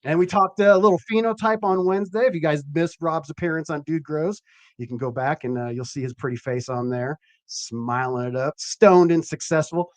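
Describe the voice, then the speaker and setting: A man hosting a cannabis growing podcast live, chatting casually in an animated, rambling and profane way. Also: on the high side, fairly quick, no echo. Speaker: podcast host. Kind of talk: casual live-stream chat.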